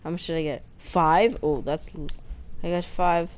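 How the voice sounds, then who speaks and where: A woman hosting a gaming channel, chatting casually as she plays, breaking into excited squeals and slowly sounding out foreign words. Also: on the low side. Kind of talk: casual gameplay commentary.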